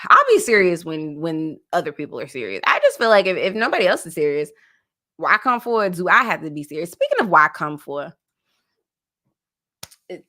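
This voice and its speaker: A woman from New Jersey hosting a casual pop culture podcast, animated and playful, sometimes slipping into jokey made-up song parodies. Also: fairly low pitch, moderate pace, pauses often. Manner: animated, playful, breaks into sung parody bits. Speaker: podcast host.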